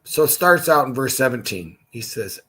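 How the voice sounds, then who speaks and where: A man's voice: mid-range voice, sing-song, moderate pace, bright, forceful tone, breathy edge, rough recording. A man leading a casual livestreamed Bible study, reading scripture aloud and adding his own asides.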